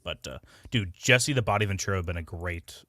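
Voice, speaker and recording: A man's voice: low-pitched, fairly quick, pushed and bright, no room sound, clean studio sound. A man co-hosting a livestream in casual, joking banter, laughing and trying out impressions. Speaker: co-host.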